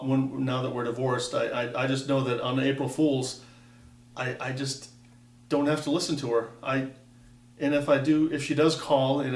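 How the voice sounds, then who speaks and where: A man's voice: mid-range voice, far from the mic. A man in his fifties from Wisconsin wanders through a personal story, stopping and restarting with dry, self-mocking asides. He sits back from the microphone in an echoey room. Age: 50s. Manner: rambling, self-interrupting, wry. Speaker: vlogger. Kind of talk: casual personal monologue.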